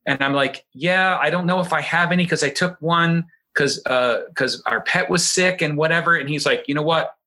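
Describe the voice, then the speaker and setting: Bright-voiced man telling a lively story. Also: fairly high pitch, moderate pace, hardly any pauses. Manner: animated, acts out quoted voices. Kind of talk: casual storytelling chat.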